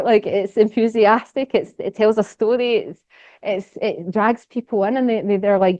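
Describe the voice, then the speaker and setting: A woman's voice: medium pitch, moderate pace, no echo. A young woman with a Scottish accent talks casually and enthusiastically to a society audience, rambling with plenty of fillers. The recording is dry and a little dull. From Scotland. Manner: chatty, enthusiastic, rambling with many fillers and laughs. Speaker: guest speaker. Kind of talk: casual conference talk.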